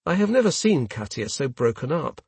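A man reading a first-person story aloud in a measured, steady way. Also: medium pitch, slightly rough, no room sound. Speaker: audiobook narrator. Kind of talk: scripted first-person narration.

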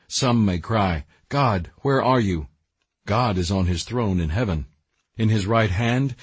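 A man narrating a Christian book in an earnest, measured reading style that rises for emphasis. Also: low-pitched, darkish tone, breathy edge, no echo. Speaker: audiobook narrator.

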